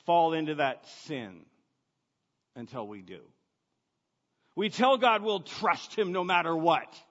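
Slow-speaking preacher in a reverberant hall. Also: male voice, a little high, a bit bright. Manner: conversational, emphatic preaching with rhetorical questions. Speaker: pastor. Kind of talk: sermon. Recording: dull lo-fi sound with long reverb.

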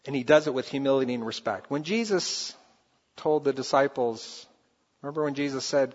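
A man preaching a sermon, animated, rising high and loud for acted quotes and dropping soft for scripture. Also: moderate pace. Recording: dull sound with long hall reverb.

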